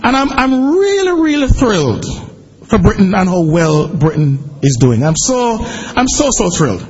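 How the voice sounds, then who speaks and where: A man, a pastor telling a lively personal story during a sermon and shouting at its most excited points. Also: sits high, a little slow, breathy edge, muffled recording. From Jamaica. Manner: animated storytelling, bursts into shouting when excited.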